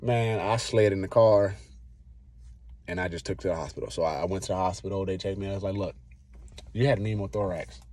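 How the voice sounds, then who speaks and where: Low-pitched and darkish, this man's voice moves fairly quickly, recorded with no room sound. In his vlog he rambles casually through a personal story, performing his own past lines in slang.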